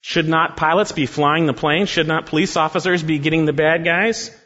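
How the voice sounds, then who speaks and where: A male pastor delivers a sermon in a fairly high voice, pressing on repeated phrases and slowing for emphasis. The recording is dull and muffled. His words trail into a long reverb, as if in a large sanctuary. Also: fairly even intonation, sharp tone. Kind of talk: expository sermon.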